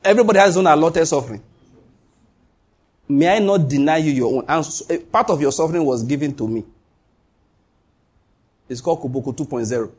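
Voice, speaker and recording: A man's voice: a little high, expressive, brisk, pauses often, a little mellow, slightly rough. A man preaching a sermon as pastor, emphatic, repeating key lines and dropping joking asides.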